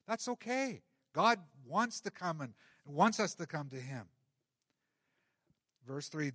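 A middle-aged male pastor preaching a sermon in an animated way, acting out scenes from scripture. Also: on the high side, measured pace, no echo, clean studio sound.

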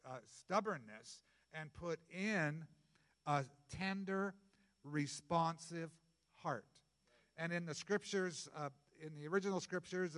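A middle-aged male pastor preaching a sermon in a conversational, jokey way, jumping from loud bursts to soft asides. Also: fairly high pitch, in a large hall.

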